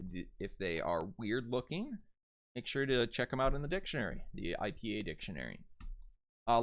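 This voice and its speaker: A young man giving a casual video lesson on phonetics and dialects, relaxed and chatty, with fillers and restarts. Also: on the low side. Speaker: dialect coach.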